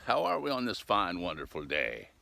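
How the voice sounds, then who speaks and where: Older man, low voice, lively swings in pitch, folksy rambling vlog, outdoors. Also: normal speed, vocal fry, heavy background noise. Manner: rambling, folksy, chatty asides. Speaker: vlogger. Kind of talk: casual outdoor vlog chat. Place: outdoors in cold weather. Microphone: camera set up outdoors.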